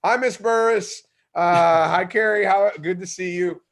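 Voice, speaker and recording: A man's voice: high voice, a little slow. A man hosting a casual chat, with a blunt, teasing way of talking. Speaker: podcast host.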